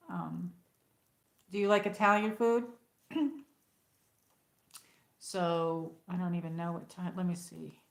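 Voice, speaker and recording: A woman's voice: lowish voice, vocal fry. Woman, casual livestream chat, rambling, chatty, greets viewers by name, home room with echo. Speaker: livestream host. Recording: echoey room.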